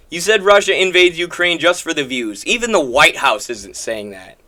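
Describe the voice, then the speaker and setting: A man from the American Midwest, talking through a political commentary video. His voice sits a bit high and sounds bright and forceful, and he presses each point home by repeating it combatively. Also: animated, normal speed, hardly any pauses. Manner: emphatic, repetitive, combative.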